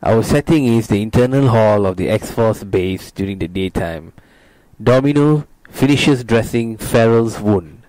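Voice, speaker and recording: A man's voice: on the low side, lively intonation, measured pace, warm tone, no room sound, low-quality recording. A man hosting a casual show, reading a screenplay's stage directions aloud. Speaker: host, script narrator.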